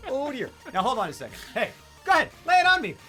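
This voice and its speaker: A man co-hosting a relaxed film chat, ribbing his friend with playful mock outrage. His voice is bright and swings up and down a lot. Faint music plays behind him. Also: extremely high pitch. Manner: teasing, playful, quick to laugh. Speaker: co-host. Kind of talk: casual film podcast chat.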